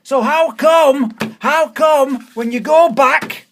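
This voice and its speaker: A Scottish man with a high voice rants furiously, dropping swear words and repeating his points over and over. He sounds fed up and indignant throughout. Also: takes it slowly, a little hiss or hum. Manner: ranting, swearing, repeating phrases. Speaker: vlogger. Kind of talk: angry political rant.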